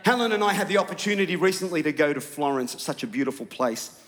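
A man's voice: on the high side, animated, quick pace, a bit bright. A man, a pastor, preaching a sermon in a church with humorous, self-mocking storytelling. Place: church auditorium. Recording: long hall reverb.

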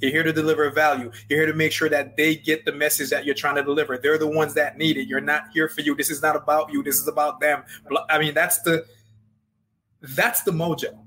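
A man's voice: fairly high pitch, little pitch movement, fairly quick, sharp tone, slight background noise, low-quality recording. A man with a Jamaican accent, a business coach talking earnestly and emphatically as a guest in a casual interview, often repeating phrases.

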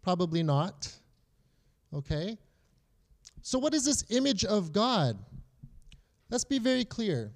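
A man's voice: high-pitched, lively intonation, moderate pace, pauses often. A young adult man teaching a Bible lesson in a conversational way, often checking in with his listeners.

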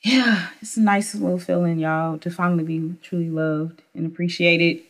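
A woman's voice: on the low side, steady tone, moderate pace. A young woman co-hosting a podcast, chatting casually and playfully, cursing and laughing as she acts out what people said. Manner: playful, profane, laughs often, acts out quotes. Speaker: podcast co-host. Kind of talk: casual chat.

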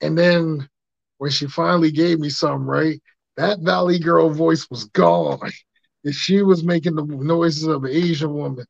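A man with a gravelly, fairly high voice tells laid-back stories in casual podcast banter. His audio is dull and lo-fi, dry with no room sound. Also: fairly even intonation, normal speed, no room sound. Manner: laid-back storyteller, profane. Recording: dull lo-fi mic.

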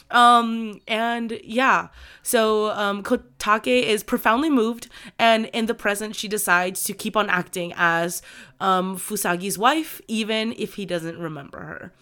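A woman's voice: mid-range voice, fairly even intonation, a little slow, pushed and bright, clean tone. A young woman co-hosting a book podcast, talking casually and with feeling, with lots of "um" and "like" as she retells a story. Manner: emotional, lots of fillers like "um" and "like".

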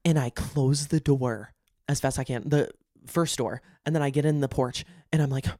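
A woman hosting a casual podcast chat in a bathroom, telling stories in animated bursts. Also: extremely low pitch, moderate pace, no room sound, studio quality. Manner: animated storytelling with bursts of exclamation. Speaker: podcast host.

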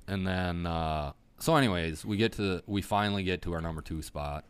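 A man casually telling a hunting story on a podcast, swearing freely and talking with lively energy. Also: deep voice, moderate pace, smooth.

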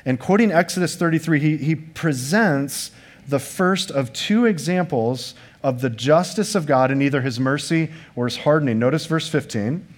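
A man's voice: fairly high pitch, normal speed. A pastor preaching a sermon to his congregation, earnest and emphatic, posing rhetorical questions and speaking to the listeners in conversational asides.

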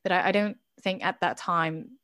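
A woman's voice: fairly low pitch, moderate pace, a bit bright, no echo, studio quality. A woman interview guest, a business founder, telling personal experiences in a candid, reflective way with many fillers and restarts. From Chinese heritage.

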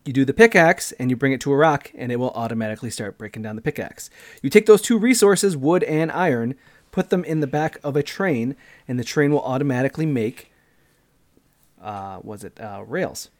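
A man in his thirties, co-hosting a casual gaming podcast and walking through how a game plays, step by step and with animated energy. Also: medium pitch, brisk. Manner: animated, explains games step by step. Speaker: podcast co-host.

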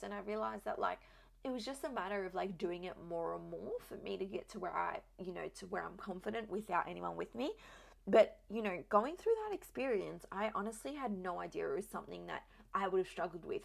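A woman's voice: mid-range voice, creaky. A young adult woman, a new mother, telling her own story in a candid, chatty way with lots of "like" fillers. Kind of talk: casual personal storytelling.

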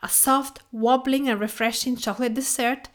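A woman from Tuscany with an Italian accent, a native Italian speaker, hosting a podcast in a gentle, measured reading voice. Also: on the high side, steady tone. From Tuscany, Italy. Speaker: podcast host. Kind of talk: scripted podcast monologue.

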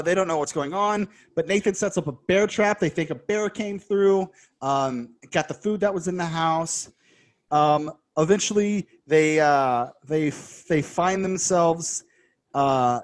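A man co-hosting a podcast, recapping a horror film in casual chat, animated and sarcastic, laughing as he talks. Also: on the high side. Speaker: podcast co-host.

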